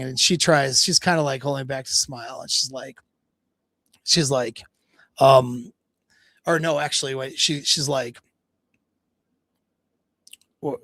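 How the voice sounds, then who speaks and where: A man's voice: fairly high pitch, a bit bright, dry recording, clean studio sound. Casual man retelling a pickup story. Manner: casual retelling with quoted dialogue, frequent restarts and laughs; swears casually. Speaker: dating coach. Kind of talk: livestream storytelling.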